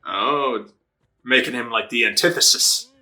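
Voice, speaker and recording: A man's voice: medium pitch, measured pace, pushed and bright. A man hosting an anime reaction video, chatting casually, laughing often, swearing and acting out characters' lines. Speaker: anime reaction channel host.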